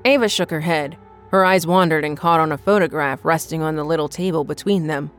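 Woman narrator, lowish pitch, steady scripted horror storytelling. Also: fairly quick, faint music behind.

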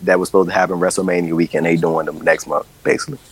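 A man's voice: deep voice, little pitch movement, rapid-fire, breathy edge. A co-host in casual chat, a man who stammers and repeats words as he talks.

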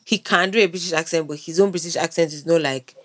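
Low-voiced woman podcast co-host. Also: quick pace. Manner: relaxed, rambling, many fillers and restarts. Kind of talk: casual chat.

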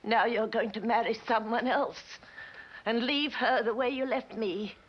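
An older actress playing an aged, jilted wife who is desperate and possessive, in an old TV drama. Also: female voice, a little high, steady tone, unhurried. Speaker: actress in a 1960 TV drama clip. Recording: dull, lo-fi old TV soundtrack.

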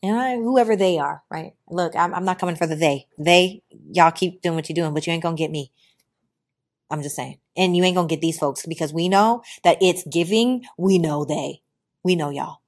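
Animated motivational podcast host woman. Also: moderate pace. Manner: animated, preachy, talks to listeners as y'all; swings between loud emphatic bursts and quiet low asides. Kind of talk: motivational talk.

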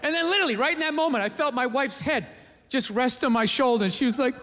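A man doing stand-up comedy on a theater stage, ranting, profane and animated. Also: extremely high pitch, fast. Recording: reverberant theater, faint noise.

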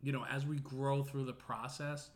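A man's voice: medium pitch, level tone, normal speed. A middle-aged man hosting a podcast, talking earnestly in a casual personal monologue full of fillers and restarts. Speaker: podcast host.

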